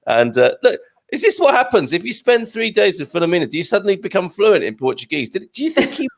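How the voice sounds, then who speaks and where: A man's voice: high voice, sing-song, fast, creaky. A middle-aged man hosting a casual live stream, joking and reading out viewer comments. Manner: jokey, reads out viewer comments. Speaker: show host.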